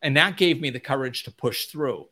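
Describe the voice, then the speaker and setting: Man, spiritual teacher, blunt straight talk, emphatic, mid-pitched voice, does whiny impressions. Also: moderate pace, bright, forceful tone. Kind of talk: unscripted motivational talk to an audience.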